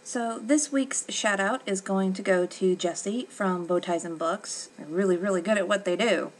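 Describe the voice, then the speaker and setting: A woman reviewing books in a casual vlog, exasperated, sarcastic and swearing freely. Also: medium pitch. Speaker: book reviewer.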